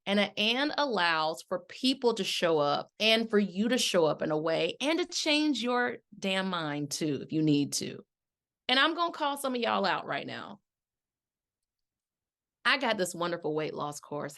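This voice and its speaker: A woman's voice: fairly low pitch, a bit bright. A middle-aged woman life coach hosting a podcast, talking in a chatty, casual way and calling her listeners y'all.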